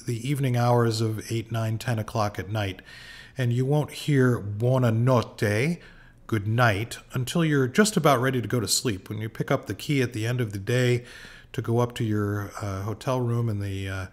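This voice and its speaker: A man with a slightly low voice leads an informal pronunciation lesson. He talks slowly and patiently, pausing on fillers and saying each word twice so it can be copied. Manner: slow and patient, frequent uh fillers, repeats words for practice. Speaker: language teacher.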